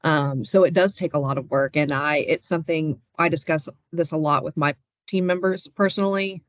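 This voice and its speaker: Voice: mid-range voice, fairly even intonation, moderate pace, no room sound. A moderator hosting a panel video call who affirms speakers and reads out viewer comments.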